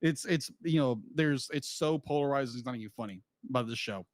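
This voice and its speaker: A man's voice: medium pitch, brisk, no room sound, clean studio sound. A man co-hosting a podcast in casual chat, rambling with frequent restarts and laughs. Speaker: podcast co-host.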